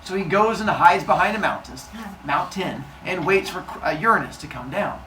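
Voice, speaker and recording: A man's voice: high voice, moderate pace, bright, forceful tone. A man telling a myth to kids in a playful, goofy way, with silly sound effects. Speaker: storyteller, podcast host. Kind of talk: animated myth storytelling for kids. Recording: echoey room with faint noise.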